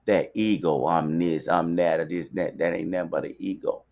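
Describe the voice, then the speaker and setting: A man's voice: deep voice, moderate pace, a little mellow. A man from Alabama with a Southern accent, hosting a podcast in a loose, repetitive, preachy street-talk monologue from a studio. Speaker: podcast host. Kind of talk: casual livestream monologue.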